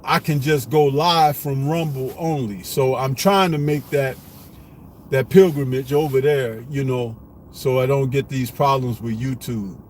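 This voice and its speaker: High-voiced, slow-talking man streaming live. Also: a little hiss or hum. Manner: laughs often, slangy and profane. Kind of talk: casual live-stream chat.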